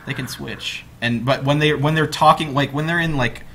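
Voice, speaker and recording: Bright-sounding guy rambling loosely in a chat with friends, lots of likes and uhs. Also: a little high, steady tone, moderate pace, slight background noise. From northern United States. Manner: rambling, many fillers and restarts. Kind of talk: casual group chat.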